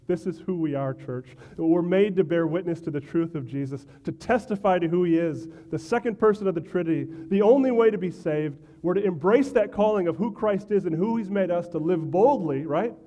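A man delivers a sermon in a warm, fairly high voice, speaking in an easy, conversational way, and the audio sounds dull. He sounds like a pastor talking directly to his church, asking rhetorical "right?" questions and stumbling into small restarts.

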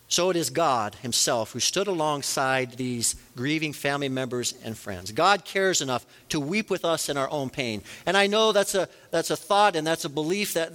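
Male pastor preaching, bright fairly high voice, long echoey church reverb. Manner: earnest, rising and falling for emphasis. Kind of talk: sermon. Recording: long reverb of a large hall.

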